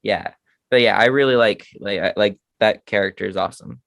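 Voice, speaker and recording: A young woman with a breathy voice, co-hosting a fan show, chatting hesitantly and repeating herself. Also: a bass voice, a little fast, dry recording. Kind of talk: casual chat.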